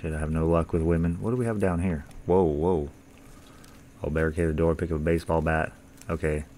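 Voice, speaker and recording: A man's voice: a bass voice, steady tone, a little fast, warm tone, a little hiss or hum. A young man casually commentating a horror game, joking, swearing and talking back to the characters. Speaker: gaming YouTuber.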